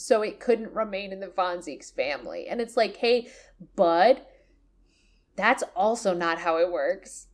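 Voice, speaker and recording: A woman co-hosting a podcast, recapping a video game in casual, exasperated chat that swears freely. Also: mid-range voice. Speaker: podcast co-host.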